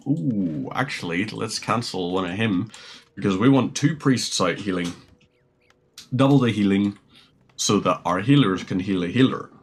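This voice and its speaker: A man's voice: sits low, a little hiss or hum. A man streaming a strategy game, rambling chattily and musing aloud as he plays. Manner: rambling, chatty, muses aloud while playing. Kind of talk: casual gameplay commentary.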